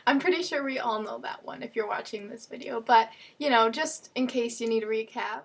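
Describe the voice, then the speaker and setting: A woman's voice: on the high side, brisk, creaky, slightly rough. A young woman talking casually as a fan vlogger, rambling with lots of fillers and restarts. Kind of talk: casual chat.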